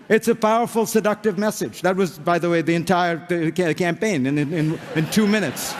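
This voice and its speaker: A man's voice: high voice, a little fast, hardly any pauses. Persuasive man debating in a hall. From India. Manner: earnest and persuasive. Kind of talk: formal debate speech. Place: large hall before an audience.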